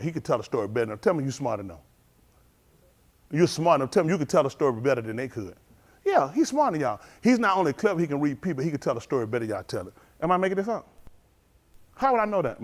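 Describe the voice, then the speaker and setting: Animated man preaching with street stories. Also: fairly high pitch, fast. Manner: animated storytelling, acts out dialogue, scolding the audience. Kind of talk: livestreamed sermon with street stories.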